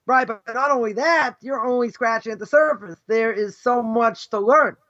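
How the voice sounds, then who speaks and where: High bright-voiced rabbi teaching, lo-fi. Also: male voice, normal speed. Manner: conversational, keeps asking "right?"; acts out imagined speakers mid-lecture. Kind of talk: informal Torah lesson. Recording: dull lo-fi live stream.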